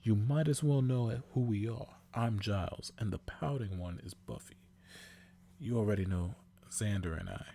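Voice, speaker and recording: A man's voice: lowish voice, moderate pace, gravelly, dark tone. A man voicing a stuffy middle-aged British male librarian mentor in a put-on British accent, prim and formal.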